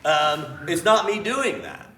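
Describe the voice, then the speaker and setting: A man's voice: on the high side, slow, far from the mic. Blunt, profane man in echoey theater. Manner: blunt and profane, freely swearing; animated storyteller who acts out scenes. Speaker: improv teacher and interview guest. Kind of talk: candid storytelling before a live audience. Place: small theater with a live audience. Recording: echoey room, voice from afar, faint ambience.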